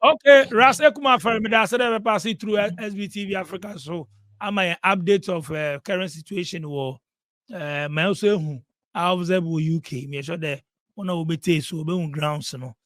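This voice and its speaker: A man's voice: high-pitched, moderate pace, a bit bright, no echo, clean studio sound. A man interviewing a guest, mostly giving short reactions and prompts. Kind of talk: casual interview.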